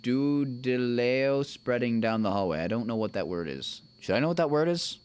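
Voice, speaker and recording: Here a man speaks at normal speed in a medium-pitched voice that is clear, resonant, and a little mellow, with lively intonation. Streaming a game with his wife, he banters playfully, describes what he's doing, and hums goofy made-up tunes as casual livestream commentary.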